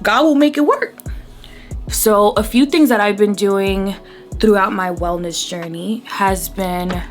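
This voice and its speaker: A woman in her thirties chats to her camera as a beauty vlogger, her talk loose and rambling. Her voice sits at a middle pitch, and she gets moved easily as she speaks. Faint music plays quietly behind her. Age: 30s. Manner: chatty, rambling, easily emotional. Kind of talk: casual chat to camera while doing makeup.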